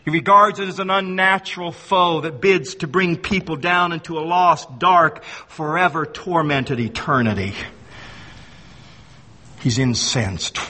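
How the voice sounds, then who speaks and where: High-voiced preacher in a reverberant hall. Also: male voice, measured pace. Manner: dramatic, swings between loud emphasis and hushed low tones. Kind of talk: sermon.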